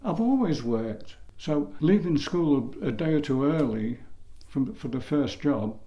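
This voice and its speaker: An older man from England reminisces for an oral history about his first jobs as a boy, rambling and often correcting himself mid-sentence. His voice is a little high, expressive, unhurried and warm.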